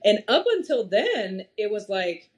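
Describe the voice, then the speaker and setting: Woman guest, 30s, animated storyteller who laughs a lot, mid-pitched everyday voice. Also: a little slow. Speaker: podcast guest. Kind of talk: casual conversation.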